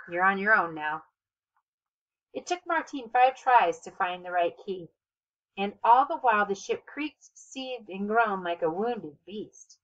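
A woman reading a children's novel aloud as narrator, with expressive, steady storytelling. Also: mid-range voice, dull audio. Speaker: audiobook narrator. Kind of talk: scripted narration.

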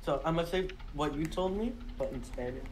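A man's voice: on the high side, fairly quick, darkish tone, a little hiss or hum. A man in a casual gaming voice chat, a player who keeps interrupting with jokes and disbelief. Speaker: player voicing a game character.

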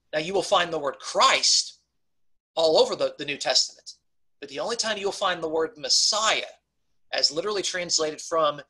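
Male Bible teacher, husky voice, casual lecturing style, stresses key points. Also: on the high side, sharp tone, poor audio. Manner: conversational, repeatedly checks in with "okay?"; emphatic on key points, frequent restarts. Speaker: pastor teaching a Bible study.

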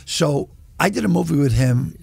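A man in his sixties with a Boston accent, a comedian telling profane, animated stories in a casual interview. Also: on the high side, moderate pace, gravelly, breathy edge, dry recording. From Boston area. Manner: profane, animated anecdote-teller who acts out quotes. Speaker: guest comedian.

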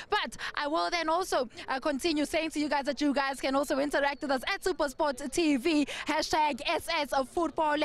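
A woman's voice: high-pitched, a bit bright. Cheerful female sports reporter. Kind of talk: sports broadcast presenting.

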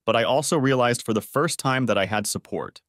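A man reading a first-person story aloud in a steady, even narration. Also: medium pitch, a little fast, no room sound, clean studio sound.

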